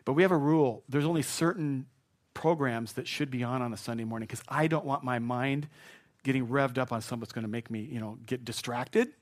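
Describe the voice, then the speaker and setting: A man preaching a sermon in a conversational way, dropping to a hush and rising to loud asides. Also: medium pitch, fairly quick. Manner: conversational preaching, swings from hushed to shouted asides. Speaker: pastor.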